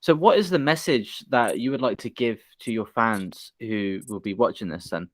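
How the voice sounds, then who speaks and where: A man's voice: medium pitch, normal speed, no echo. A male podcast host from the United Kingdom, chatty and teasing, laughing often with his guest. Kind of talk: casual interview chat.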